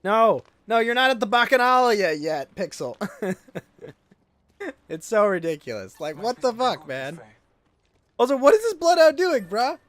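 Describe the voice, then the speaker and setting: A man's voice: sits high, very animated, a little slow, long pauses, a bit bright. A man, ranting and swearing during a casual livestream chat while gaming. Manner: ranting, exasperated, swears freely. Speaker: streamer.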